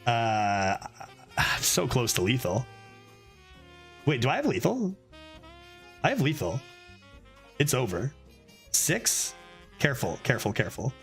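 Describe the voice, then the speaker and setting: Excitable man talking through a card game. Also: a little slow, pauses often, faint music behind. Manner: excitable, thinks aloud, sometimes drops to a low put-on voice. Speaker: streamer. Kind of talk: casual gameplay commentary.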